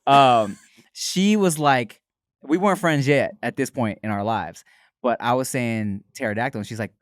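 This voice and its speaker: A man on a comedy podcast, telling loose, rambling stories packed with fillers and asides. His voice sits at an ordinary middle pitch. The recording is close and dry. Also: moderate pace, no echo. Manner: rambling, lots of fillers and laughs. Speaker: podcast co-host. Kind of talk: casual chat, storytelling.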